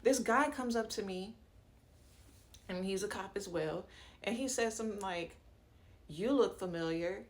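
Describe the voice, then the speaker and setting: A woman's voice: medium pitch, normal speed, pauses often. A woman telling a personal story to her viewers in a chatty, slangy way, stopping for fillers and asides and acting out what people said. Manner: chatty and slangy, acts out quoted dialogue. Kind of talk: casual storytime narration.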